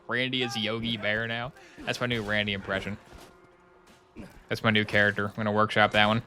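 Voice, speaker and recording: A man's voice: on the low side, flat delivery, a little fast, long pauses, bright, forceful tone, soft background music. A young man streaming a game, rambling and joking in casual commentary with sarcastic asides. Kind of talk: casual commentary while gaming.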